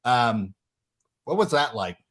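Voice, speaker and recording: A man's voice: mid-range voice, big pitch swings, slow, a bit bright. A man hosting a podcast in casual chat, telling stories animatedly and acting out quotes in raised voices. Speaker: podcast host.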